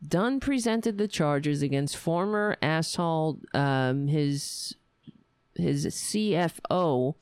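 A woman's voice: low-pitched, takes it slowly, a little mellow, smooth, no echo. A woman reading news articles aloud and breaking off into sarcastic, profane political commentary, often stumbling and correcting herself.

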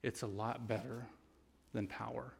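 A man's voice: medium pitch, fairly even intonation, measured pace, gravelly, breathy edge, long reverb tail. A man giving an earnest, conversational sermon with stories, ending in prayer. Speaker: guest preacher.

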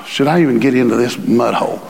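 A man preaching a sermon, swinging from hushed tones to booming scripture reading. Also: fast, vocal fry, big-room sound, a little hiss or hum. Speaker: pastor.

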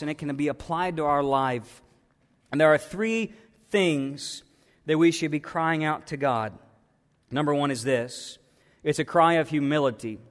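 A man's voice: fairly high pitch, big-room sound. A man, a pastor, delivering an impassioned and emphatic sermon. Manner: impassioned preaching, pleading and emphatic.

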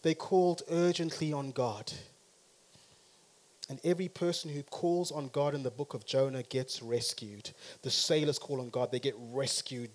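Speaking directly to his congregation, a man preaches a sermon, shifting between quiet passages and loud, emphatic ones. His voice is mid-range and steady in tone, and he keeps a moderate pace.

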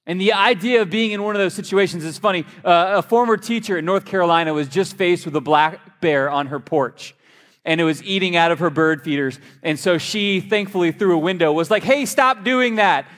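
A man preaching a sermon in a church, a lively, joking storyteller. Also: sits high, a little fast. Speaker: pastor. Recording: long hall reverb.

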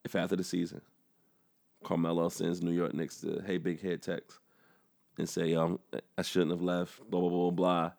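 A man's voice: deep voice, normal speed, creaky. A man co-hosting a podcast, talking in a casual, joking way and laughing often. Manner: animated, laughs a lot, slips into joking impressions. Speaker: podcast co-host. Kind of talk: casual chat.

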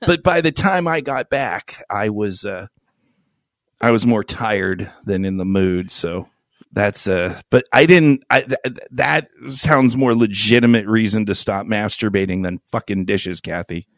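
A man's voice: lowish voice, expressive, a little slow, no echo, clean studio sound. A man co-hosting a crude podcast, telling a rambling, profane story full of fillers. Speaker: podcast co-host. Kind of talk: crude casual podcast banter.

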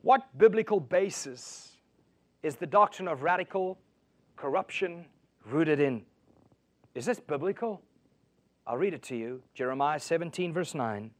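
A man preaching a sermon, swinging from loud emphatic lines to hushed storytelling and asking his listeners rhetorical questions. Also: on the high side, expressive, unhurried, pauses often. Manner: asks the audience rhetorical questions. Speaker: pastor.

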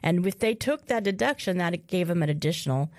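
Lower-voiced woman recounting a case. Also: lively intonation, fairly quick, a little mellow, no room sound, studio quality. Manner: recounts events with fillers and restarts, asks questions. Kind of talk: casual discussion.

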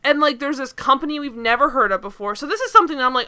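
A woman's voice: high-pitched, expressive, fast, few pauses, sharp tone, clean tone. A woman podcast host chatting casually about a TV episode, rambling with lots of fillers and asides. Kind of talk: casual TV recap chat.

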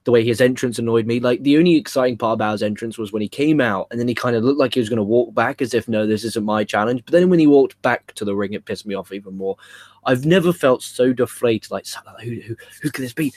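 A young man co-hosting a podcast, reviewing wrestling in a rambling, animated way and swearing freely. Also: medium pitch, fast, dry recording. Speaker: podcast co-host. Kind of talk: casual wrestling review chat.

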